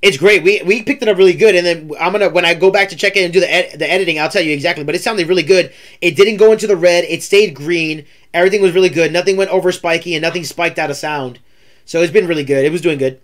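High-voiced man as a rambling livestream host at a desk mic. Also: quick pace, a bit bright. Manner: talkative, rambling, repeats himself. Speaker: streamer host. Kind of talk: casual livestream interview.

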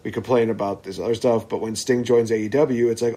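A man's voice: on the low side, steady tone, fairly quick, warm tone. A man talking as a podcast guest, giving firm opinions in a casual chat. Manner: opinionated, dismissive of complainers.

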